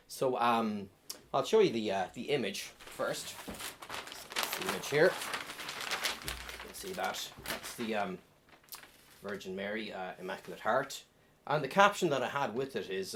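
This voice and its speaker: A middle-aged man doing a deadpan stand-up comedy set on a club stage, with many ums and uhs. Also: mid-range voice.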